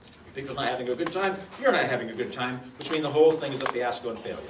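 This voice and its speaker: A man leading a speech contest judges' training, teaching in a lively, demonstrative way with acted examples in a club meeting room. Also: medium pitch, racing, noisy background. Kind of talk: workshop lesson. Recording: echoey room, mic far off.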